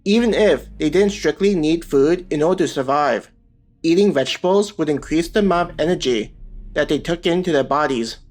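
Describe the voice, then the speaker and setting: A man reading a web novel aloud as scripted audiobook narration, in a steady, even manner. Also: on the high side, a little fast. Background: faint background music.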